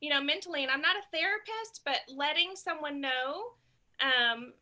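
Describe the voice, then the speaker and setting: A woman's voice: high voice, lively intonation, normal speed, bright, forceful tone. A woman giving booking tips in a casual group chat, bubbly, laughing often and thinking aloud.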